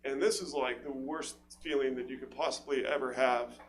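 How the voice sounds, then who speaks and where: A man's voice: medium pitch, steady tone, normal speed. A man from California doing a rambling, self-deprecating stand-up set, stammering through restarts and laughing at his own jokes on a stage mic before a live audience. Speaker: stand-up comedian. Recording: noisy live show with hum.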